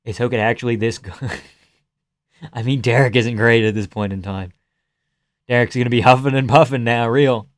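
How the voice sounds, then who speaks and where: A young livestream host reacts to a fight with excitable, profane commentary, yelling advice at the fighters and laughing a lot. His voice is medium in pitch, his speed normal, and he pauses often.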